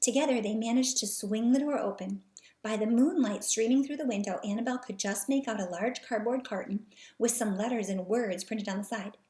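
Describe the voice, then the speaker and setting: A woman's voice: on the high side, brisk, dark tone. A woman reading a children's storybook aloud, with teacherly asides explaining words to young listeners. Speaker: storybook reader. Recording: roomy echo.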